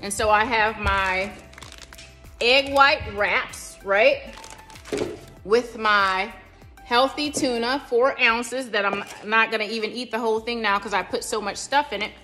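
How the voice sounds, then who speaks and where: A woman's voice on the higher side, unhurried and easy. She hosts a home cooking vlog from her kitchen and chats straight to the viewers. Faint music plays behind her. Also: bright, forceful tone. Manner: chatty, addresses viewers directly. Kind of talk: casual cooking demo talk.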